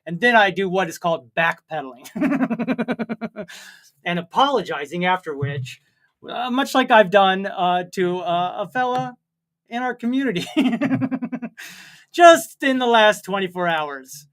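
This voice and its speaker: A man reads viewer comments on a comedy livestream he co-hosts, chatting casually, rambling, and poking fun at himself. He speaks slowly in a high-pitched, expressive, fairly bright voice.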